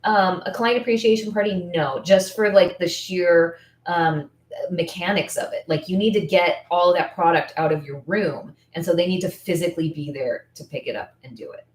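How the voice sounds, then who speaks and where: A business coach, a woman in her thirties with a low voice, rambles at a moderate pace in casual Q&A talk, thinking out loud with lots of fillers. She comes across as candid and heartfelt. The room is echoey and the mic sits some distance from her.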